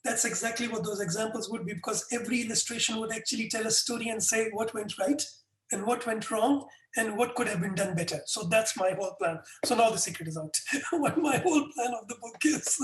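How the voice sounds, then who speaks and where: Middle-aged man, animated storyteller, roomy echo, far from the mic. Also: high-pitched, a little fast. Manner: animated anecdotes with frequent restarts. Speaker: guest. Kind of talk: conversational storytelling. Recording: echoey room, distant mic.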